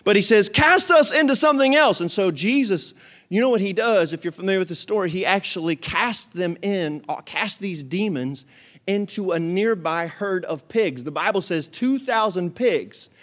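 A man preaching a sermon, reading scripture aloud and explaining it in a casual, animated way with jokes and asides to the congregation. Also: high voice, moderate pace. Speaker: pastor.

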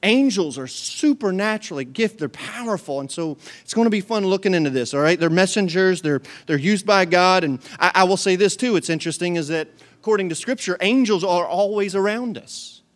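A man preaches a sermon with a folksy, joking manner. His voice sits a little high and sounds smooth and clear. He stays animated from line to line. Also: brisk, few pauses. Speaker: pastor.

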